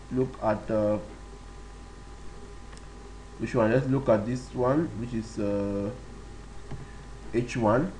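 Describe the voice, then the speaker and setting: A man walks through coding steps at an unhurried, deliberate pace, pausing on fillers and repeating himself as he goes. His voice sits in an ordinary middle register, and a faint hiss runs under the recording. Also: medium pitch, rough recording. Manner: slow, step-by-step, with frequent fillers and repetitions. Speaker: web development tutor. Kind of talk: screen-recorded coding tutorial.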